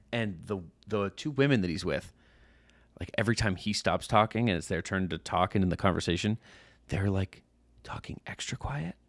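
In a dry recording, a man in his thirties co-hosting a podcast speaks with a fairly low pitch. Animated as he spins a casual tale, he performs the overheard voices of the people involved.

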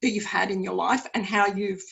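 A woman's voice: mid-range voice, fairly even intonation, fairly quick, vocal fry, fairly bright tone, lo-fi sound. A woman interviewing an author, asking questions and reacting with friendly laughter.

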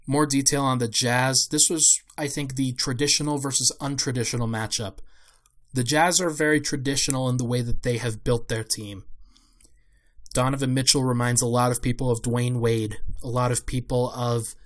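A man's voice: medium pitch, fairly even intonation, moderate pace. A young man giving a solo casual basketball analysis as a podcast host, thinking aloud with fillers and restarts.

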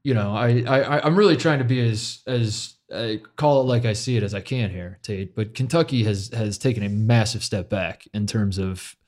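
A man's voice: on the low side, moderate pace, hardly any pauses, a little mellow. A man from Ohio co-hosting a sports podcast, chatting casually and with animation. He stumbles and repeats words as he gets going, and laughs often along the way.

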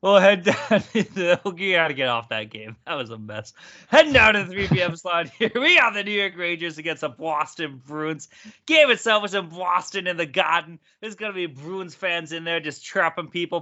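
A man's voice: a little high, normal speed, sharp tone. A man hosting a casual sports betting podcast, laughing often and swearing freely. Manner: laughing, profane, upbeat. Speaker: podcast host. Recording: dull lo-fi sound.

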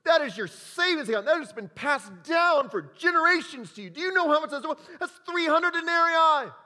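A man voicing indignant male onlookers scolding a woman, incredulous and sharp. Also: very high voice, lively intonation, normal speed, voice pushed up, exaggerated voice. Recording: long hall reverb.

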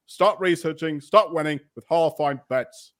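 A man co-hosting a sports betting podcast, reading a sponsor ad in a brisk promotional manner. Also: fairly high pitch, a bit bright. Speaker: podcast co-host. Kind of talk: read sponsor ad.

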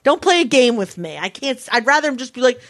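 A woman's voice: a little high, very animated, fast, no room sound. A woman in her thirties co-hosting a podcast in casual chat, blunt and swearing freely as she acts out quoted arguments. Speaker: podcast co-host.

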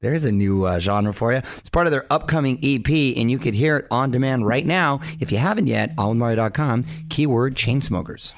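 A man in his forties hosting a radio show with brisk, chatty patter on a studio mic. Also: mid-range voice. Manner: brisk, chatty, quick to laugh.

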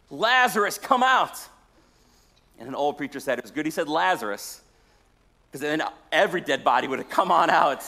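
A man, a pastor, preaching a sermon as a storyteller who jokes with the congregation and swings between loud and hushed delivery. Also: fairly high pitch.

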